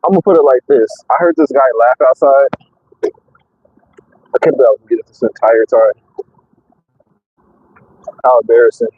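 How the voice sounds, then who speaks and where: Rambling truck driver on a live stream. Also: male voice, mid-range voice, moderate pace, long pauses, breathy edge, no room sound, narrow, tinny audio. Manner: rambling, excitable, lots of fillers and repeats. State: out of breath. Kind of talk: casual live-stream chat. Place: in and around a truck.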